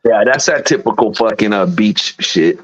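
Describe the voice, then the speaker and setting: A man's voice: on the low side, expressive, normal speed. Teasing, profane man on a stream call. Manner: teasing, profane, laughs a lot. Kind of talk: casual live-stream chat. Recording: muffled call audio.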